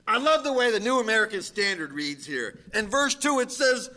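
A middle-aged male pastor preaching an emphatic sermon, at times rising to shouted exhortations. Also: high-pitched, lively intonation, normal speed.

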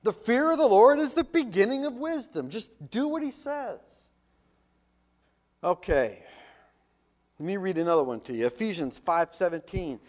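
A man preaching a sermon as pastor, reading scripture and asking rhetorical questions, with loud emphatic swells and hushed drops. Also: high-pitched, sing-song, moderate pace, long pauses.

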